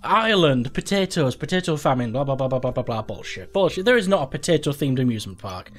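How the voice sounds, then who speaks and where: A man's voice: mid-range voice, animated, fast talker. A young man hosting a gaming channel, commenting casually and sweary as he plays a quiz game, thinking aloud in disbelief.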